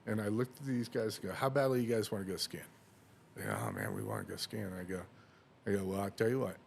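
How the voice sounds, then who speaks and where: A man's voice: lowish voice, fast, creaky, darkish tone, slight background noise. A man on a podcast telling a long anecdote in casual chat, acting out dialogue and laughing often. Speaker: podcast host.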